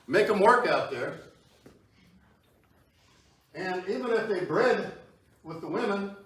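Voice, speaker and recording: A history lecturer with a high, slightly bright voice and lively intonation speaks slowly, giving a conversational public history talk and often posing questions to his audience. Recorded from far off by a tripod camera, the meeting hall sounds echoey.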